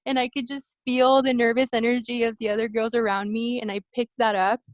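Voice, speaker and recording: A woman telling stories from her competition days in a casual interview, acting out quoted voices with animated high-pitched bursts. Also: fairly quick, dry recording. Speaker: interview guest, bikini competitor. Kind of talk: casual storytelling.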